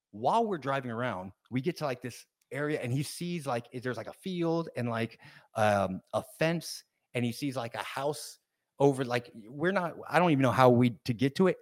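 Male podcast host, casual storyteller, gravelly, dry close sound. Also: mid-range voice, normal speed, dry recording. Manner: rambling, animated anecdote telling with restarts.

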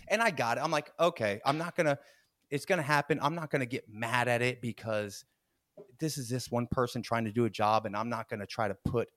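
A podcast host in his forties tells a story in an easy, chatty way, slipping into the voices of the people he quotes and breaking into laughter. His voice sits at an ordinary middle pitch. The sound is dry and close, with no room around it. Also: no echo. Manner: animated, acts out quotes, laughs mid-story, frequent restarts. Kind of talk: casual storytelling.

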